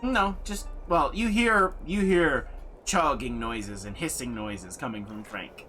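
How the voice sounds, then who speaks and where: A man narrating as game master in a playful, lively manner. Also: mid-range voice, slow, soft background music.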